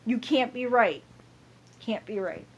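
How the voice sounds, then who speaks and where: A woman's voice: fairly high pitch, slow, lo-fi sound, a little hiss or hum. A woman ranting to camera in a heated, profane monologue, repeating herself over and over.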